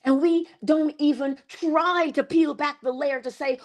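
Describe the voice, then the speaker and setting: A woman giving a passionate spiritual motivational talk, slowing down and stretching key words for emphasis. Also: high-pitched, steady tone. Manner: passionate, preachy, rising and falling emphasis. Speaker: inspirational speaker.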